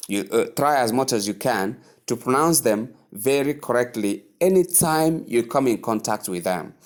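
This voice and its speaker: A man's voice: medium pitch, expressive. A man teaching English pronunciation, repeating each word several times and giving patient advice. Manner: slow, repetitive drilling of words; patient, advising tone.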